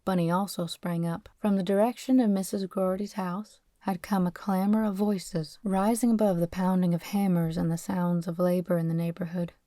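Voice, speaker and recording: Mellow woman reading a novel aloud. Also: lowish voice, no echo, clean studio sound. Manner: steady, expressive reading. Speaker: audiobook narrator. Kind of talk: scripted novel narration.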